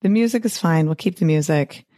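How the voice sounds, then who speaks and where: A middle-aged woman hosting her own podcast, talking in a chatty, upbeat way with quick asides and frequent laughs. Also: lowish voice, warm tone, no echo, clean studio sound. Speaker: podcast host, physician and weight-loss coach. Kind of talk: casual solo podcast talk.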